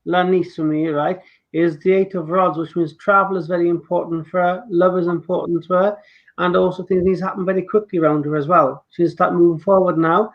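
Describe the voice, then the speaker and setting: A man's voice: high voice, little pitch movement, a little fast. A man co-hosting a live tarot reading, explaining the cards in a plain, earnest way. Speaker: co-host and tarot reader. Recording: slightly dull, lo-fi sound.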